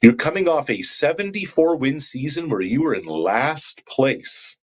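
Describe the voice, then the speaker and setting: A man's voice: on the high side, animated, a little slow. A man co-hosting sports talk radio, ranting with passion and firing rhetorical questions.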